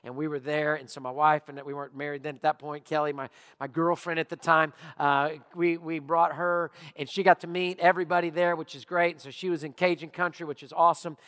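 High-voiced preacher in a reverberant hall. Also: male voice, smooth. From Louisiana. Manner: animated storytelling preacher, drawn-out emphasis. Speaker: pastor. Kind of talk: sermon. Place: church auditorium. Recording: long reverb of a church hall.

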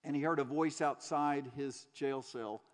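Preacher guy, voice sits a bit high, earnest storytelling, hammering points with repeats, big echoey church hall. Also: fairly even intonation, unhurried. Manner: earnest storytelling, emphatic repetitions. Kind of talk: sermon. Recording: long hall reverb.

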